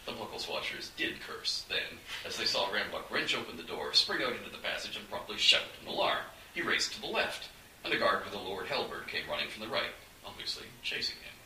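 Male narrator, fantasy audiobook, sweeping lively delivery, sharp bright tone, echoey room. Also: low-pitched, a little fast. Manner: animated, dramatic storytelling. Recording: echoey room, distant mic, faint hiss.

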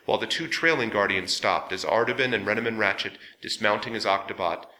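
A man narrating an audiobook in a steady storytelling voice. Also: lowish voice. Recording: echoey room.

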